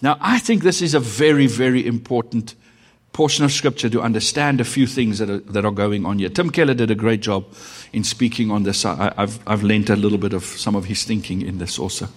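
A middle-aged man with a South African accent preaching a sermon as pastor, with dramatic pauses and sudden shifts between loud and hushed delivery. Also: on the low side, slightly rough. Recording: long reverb of a hall.

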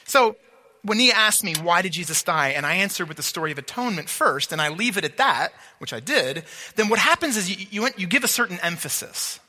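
A man's voice: high voice, very animated, fairly quick, bright, forceful tone, long reverb tail. A man preaching a sermon, teaching emphatically and asking rhetorical questions.

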